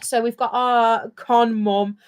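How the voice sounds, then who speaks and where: A woman's voice: fairly high pitch, level tone, takes it slowly, clean tone. A British woman co-hosting a casual livestream, chatting in a rambling, jokey way. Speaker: livestream co-host.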